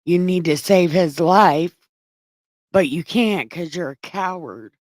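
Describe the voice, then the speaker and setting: A woman's voice: on the low side, slow, a little mellow, no room sound, clean studio sound. A woman voicing an ancient governor's wife in a blunt, scolding, bossy way, in her own everyday voice.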